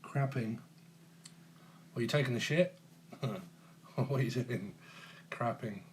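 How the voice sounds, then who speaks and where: A man's voice: mid-range voice, takes it slowly, a little hiss or hum. Joking man chatting on a live stream. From England. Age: 40s. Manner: teasing, jokey, chuckles often. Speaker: tarot channel host. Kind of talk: casual live-stream chat with viewers. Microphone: phone.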